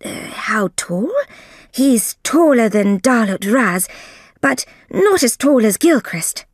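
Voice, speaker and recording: A woman voicing an anxious male college tutor in a slow storybook reading, with a high, pleading manner. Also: lively intonation, no echo, studio quality. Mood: polite.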